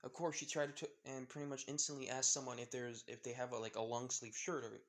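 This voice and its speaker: A man's voice: mid-range voice, little pitch movement, a little fast. Rambling man telling a fan story. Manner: rambling, heavy use of "with, of course" and restarts. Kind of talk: improvised fan story narration.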